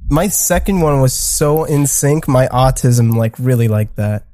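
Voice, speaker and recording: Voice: mid-range voice, lively intonation, unhurried, mellow, slight background noise. A podcast cast member reacting with groans and laughs in casual banter, with a guitar being played nearby. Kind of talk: casual joking chat. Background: guitar playing.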